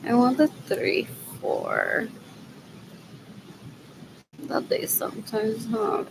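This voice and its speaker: A woman's voice: fairly high pitch, huge pitch swings, drawn-out words, creaky, pauses often, background noise. A woman vlogging in a rambling monologue, repeating herself, drifting between thoughts and muttering asides with Spanish words mixed in.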